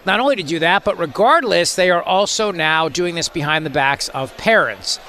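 Brief: male talk radio host, mocking and rambling, high bright voice. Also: expressive, moderate pace, a little hiss or hum.

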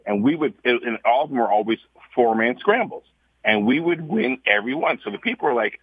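A man, a guest on a radio talk show, telling a lively story and stumbling over repeated words as he restarts. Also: medium pitch, fairly quick, breathy edge, no room sound. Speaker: guest, former basketball showman. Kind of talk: storytelling, casual chat. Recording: dry tinny phone line.

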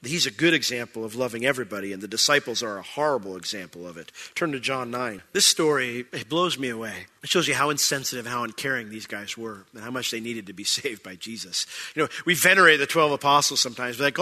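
A man's voice: medium pitch, expressive, fast, few pauses, pushed and bright. A man preaching a conversational sermon, who explains verses and acts out quoted voices. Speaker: pastor.

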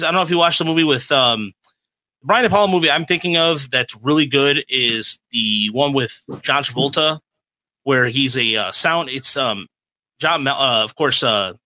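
A man's voice: medium pitch, sharp tone, no room sound, low-quality recording. A man hosting a podcast in casual chat, telling stories and giving firm opinions. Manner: chatty storyteller, opinionated. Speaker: podcast host.

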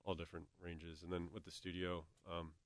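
A man's voice: sits low, flat delivery, brisk, no room sound. A man, a studio co-owner, explaining his business matter-of-factly as a radio guest. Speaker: studio co-owner and video producer. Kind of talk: casual radio interview.

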